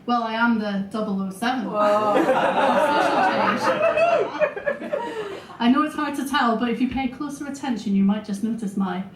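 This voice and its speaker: A Scottish woman doing a self-deprecating stand-up set, halting often with fillers, in front of a live audience. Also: a little high, sing-song, roomy sound, far from the mic, background noise. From Scotland. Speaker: stand-up comedian. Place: small venue with live audience.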